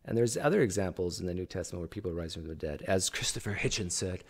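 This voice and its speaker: Talking fast in a low-pitched voice with slight background noise, this reaction-video host casually argues with the person in the clip and addresses them directly.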